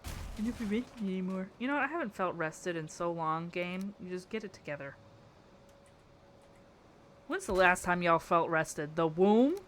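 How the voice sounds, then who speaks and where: A woman's voice: lowish voice, expressive, measured pace, pauses often, fairly bright tone, a little hiss or hum. A young woman streaming live, chatting casually with her chat while building in a game, playful and exasperated. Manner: playful, exasperated, reacting to chat with frequent laughter.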